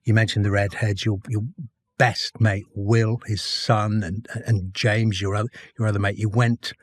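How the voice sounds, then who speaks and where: A man hosting an interview, gently prompting his guest with questions and brief acknowledgements. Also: fairly low pitch, flat delivery, unhurried, no room sound, clean studio sound. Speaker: interview host. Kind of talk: conversational interview.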